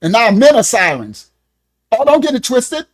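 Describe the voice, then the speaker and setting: High-voiced, blunt street preacher. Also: male voice, moderate pace. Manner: animated, riffing delivery. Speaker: ministry teacher. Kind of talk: informal Bible lesson.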